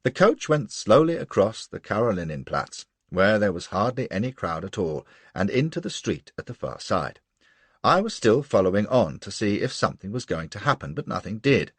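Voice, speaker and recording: Brash male audiobook narrator, first-person, lowish and husky. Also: normal speed, no room sound. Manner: brash, boastful and lively.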